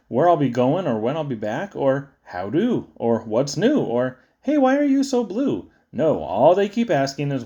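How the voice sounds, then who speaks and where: A man giving a playful, sing-song reading of children's poems, with sudden high squeaks and low drops. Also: dark tone. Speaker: poetry reader.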